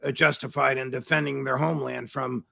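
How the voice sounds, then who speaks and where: A man's voice: medium pitch, level tone, brisk, creaky, pushed and bright. An older man hosting an interview, introducing his guest and asking long questions in formal, elaborate phrasing. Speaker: host.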